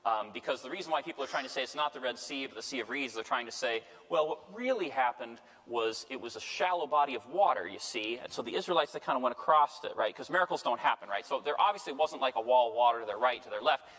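Male priest lecturer, casual teaching tone, mid pitch, reverberant hall. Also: animated, very fast, hardly any pauses, fairly bright tone. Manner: conversational, checks in with "right?". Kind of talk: Bible study lecture. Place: parish lecture room.

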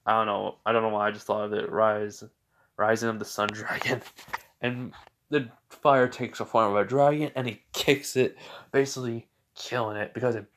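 A man's voice: on the low side, fairly even intonation, moderate pace, a little hiss or hum. Rambling young man telling a story. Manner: rambling, full of fillers and self-corrections. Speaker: fan fiction storyteller. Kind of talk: improvised casual storytelling.

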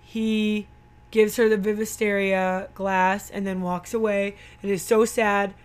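A woman's voice: mid-range voice, little pitch movement, measured pace, clear, resonant tone. A woman chatting casually about a movie she watched, retelling scenes and quoting the characters' lines. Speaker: movie commentator. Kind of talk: casual movie recap chat.

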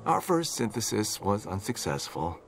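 A calm, businesslike geneticist from a video game. His voice sits very low, yet his intonation moves widely. He speaks in a measured, even way over a faint hiss. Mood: composed. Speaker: game character. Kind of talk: scripted video game dialogue.

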